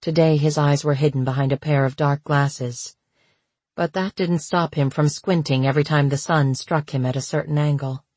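Audiobook narrator, steady reading, bit husky, dry close mic. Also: mid-range voice, moderate pace, no room sound. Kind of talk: scripted narration.

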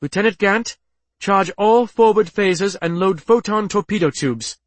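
Cold, loud female captain barking orders, performed by a male narrator. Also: sits high, moderate pace, dry recording, voice pushed up.

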